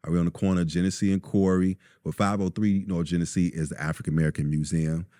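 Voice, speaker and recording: Man, low warm voice, relaxed storytelling guest. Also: quick pace, no echo, studio quality. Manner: relaxed storyteller, many ums, acts out quotes. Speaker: store owner, guest. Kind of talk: casual interview talk.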